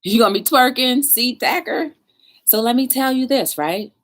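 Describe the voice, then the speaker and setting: A woman's voice: sits high, normal speed. A woman hosting a talk show, telling a story in a casual livestream chat and talking straight to her viewers. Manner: chatty, animated, talks straight to viewers.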